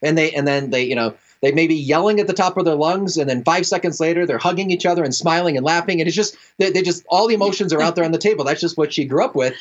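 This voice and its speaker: A man's voice: fairly high pitch, quick pace, few pauses, highs cut off. A man speaking as a radio guest, telling stories and acting out quoted voices with frequent laughs. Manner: storytelling, acts out quoted voices, laughs often. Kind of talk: relaxed radio interview talk.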